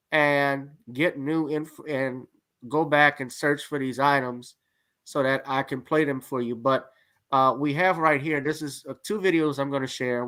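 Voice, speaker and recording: A man's voice: mid-range voice, fairly bright tone. A man hosting a casual news commentary show, rambling with lots of fillers and restarts at his computer. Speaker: show host.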